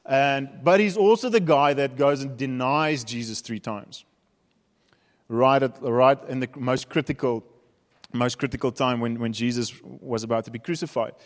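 A man's voice: mid-range voice, normal speed. A man with a South African accent preaching a sermon, telling stories in a conversational, humorous way. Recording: reverberant hall.

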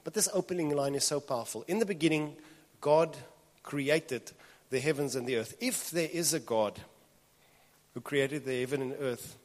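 A man's voice: on the high side, moderate pace. Earnest man preaching in a reverberant hall. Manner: earnest, repeats phrases for emphasis. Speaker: pastor. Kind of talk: sermon. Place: church hall.

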